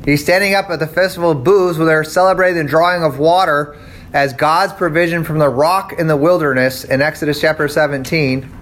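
A man's voice: on the high side, fairly even intonation, brisk, fairly bright tone. A man teaching a Bible class in a casual lecture style, conversational and often checking in with his listeners. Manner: conversational, checks in with "okay?" and "right?".

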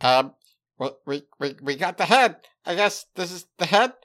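A man playing a goblin in a tabletop game, ranting and swearing in an animated, joking way. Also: sits high, normal speed. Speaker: player. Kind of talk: casual tabletop play as a goblin.

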